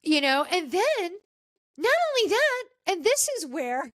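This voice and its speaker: A woman hosting a casual podcast, telling a story with lively acted-out quotes from the people in it. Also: unhurried, no room sound. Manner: animated storyteller, acts out quotes with pitch jumps. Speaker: podcast host. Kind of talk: casual chat recapping a reality show.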